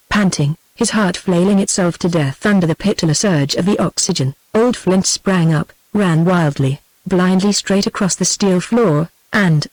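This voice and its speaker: A text-to-speech woman's voice with a British English accent, narrating an audiobook in an even, steady way. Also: lowish voice, no echo, low-quality recording. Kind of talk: scripted narration.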